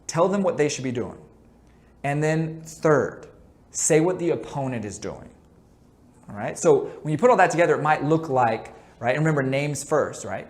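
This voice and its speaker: A man with a slightly high, animated voice at normal speed coaches a basketball lesson. His instruction is conversational, with jokey asides, and he keeps checking in with the listener by asking "right?"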